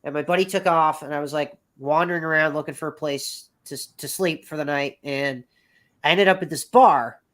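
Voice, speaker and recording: A man's voice: on the high side, a little fast, a bit bright. Rambling, swearing man in his thirties. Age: 30s. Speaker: podcast guest. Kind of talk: casual storytelling.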